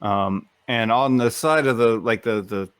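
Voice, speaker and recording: A man co-hosting a podcast, telling a story in a relaxed, hesitant way with frequent "uh"s. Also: mid-range voice, a little slow, smooth, no echo. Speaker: podcast co-host. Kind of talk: casual chat, telling an anecdote.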